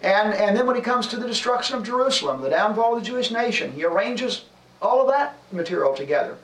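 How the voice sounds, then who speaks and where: A man's voice: high voice, animated, fast talker. A man teaching a Bible class, explaining his point with examples and rhetorical questions. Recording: roomy sound from far off with faint ambience.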